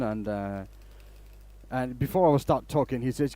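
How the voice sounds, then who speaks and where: Lively, rambling male stream host. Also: medium pitch, brisk. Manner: rambling storyteller, chatty. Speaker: woodturning live-stream host. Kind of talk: casual live-stream chat.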